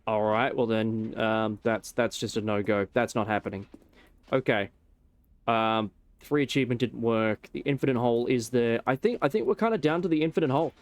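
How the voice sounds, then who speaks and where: A man's voice: medium pitch, moderate pace, dry recording. A young man casually rambling and joking while he streams a game, with some swearing. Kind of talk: casual gameplay commentary.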